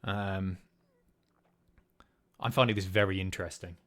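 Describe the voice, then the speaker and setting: A man's voice: low voice, fairly even intonation, measured pace, a bit bright. A man hosting a live stream, chatting casually, swearing and guessing aloud as he reads chat. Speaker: streamer host.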